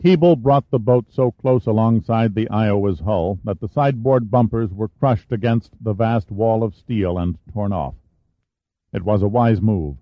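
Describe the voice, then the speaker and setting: A man reading a thriller audiobook in a steady, measured narration. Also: lowish voice, no room sound. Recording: dull dry studio recording.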